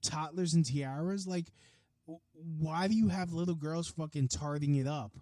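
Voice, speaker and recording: A man hosting his own podcast, delivering a profane, heated solo rant that swings from low mutters to loud outbursts. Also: moderate pace, dry recording. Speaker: podcast host. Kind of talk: ranting solo podcast monologue.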